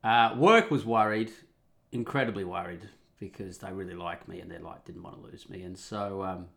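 A man talks through a personal story in a loose, rambling monologue. His voice sits fairly low but sounds bright and sharp, and his tone stays wry and profane throughout. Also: normal speed, creaky. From Australia.

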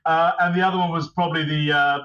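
An English man in middle age talks with a bright, forceful edge, spinning animated anecdotes. He sounds set back from the mic, and the sound is a bit dull and lo-fi. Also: a little high, quick pace, far from the mic. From England. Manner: animated storyteller who mimics others in put-on voices. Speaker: podcast guest, screenwriter. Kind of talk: casual podcast chat.

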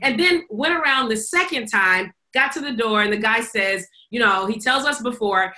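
A woman's voice: a little high, moderate pace, hardly any pauses, bright, forceful tone. A woman co-hosting a podcast, telling a story in casual chat, acting out quotes and laughing often. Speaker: podcast co-host.

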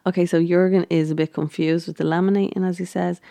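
A woman's voice: fairly low pitch, flat delivery, fast talker, gravelly, mellow, dry recording, studio quality. A woman casually recapping a baking show, chatty and giggly, with lots of ums and restarts.

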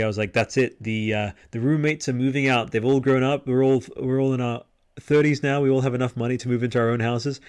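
A man hosting a podcast livestream, chatting casually and rambling with lots of fillers and restarts. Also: mid-range voice. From Australia. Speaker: podcast host. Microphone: headset microphone.

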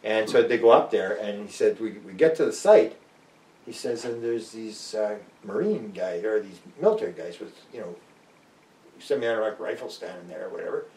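A man's voice: lowish voice, lively intonation, normal speed, warm tone, slight background noise. Older man telling rambling stories. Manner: rambling, many restarts, acts out quoted voices. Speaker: author guest. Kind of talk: rambling storytelling interview. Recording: roomy and distant.

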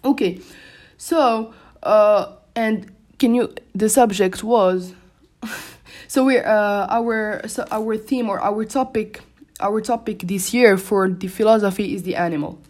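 A woman's voice: mid-range voice, slow, a little mellow. A young woman whose first language is French, hosting a casual solo podcast from her room at home, rambling with frequent restarts and fillers. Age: young adult. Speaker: podcast host.

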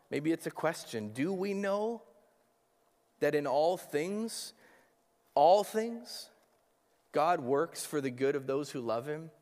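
High-voiced, slow-speaking male preacher. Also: darkish tone. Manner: earnest preaching with rhetorical questions. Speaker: pastor. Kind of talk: sermon. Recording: hall with long reverb.

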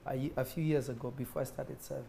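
A man's voice: medium pitch, steady tone, quick pace, vocal fry, warm tone, slight background noise. A man preaching a sermon as a prophet. He speaks emphatically, repeats himself and asks the congregation questions. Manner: emphatic and repetitive, with call-and-response questions.

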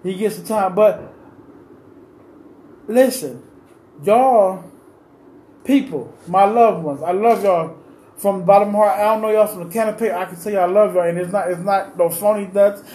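A man's voice: high voice, moderate pace, long pauses, dark tone. A man in an unscripted, impassioned monologue, pleading and insistently repeating his questions, rambling with restarts as he goes. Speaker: vlogger giving his opinion. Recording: roomy echo with faint ambient noise.

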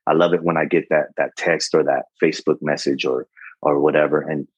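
A man's voice: extremely low pitch, level tone, fairly quick, husky, no room sound. A retired Navy chief in his forties, a podcast guest, talking earnestly and encouragingly with plenty of fillers and restarts. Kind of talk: casual interview talk. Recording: dull, muffled podcast audio.

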